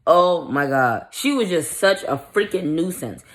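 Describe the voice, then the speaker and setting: A woman's voice: low voice, a little slow. Blunt, profane woman telling a story. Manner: blunt and profane, irritated retelling; animated, acts out the quoted dialogue. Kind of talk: casual storytime chat.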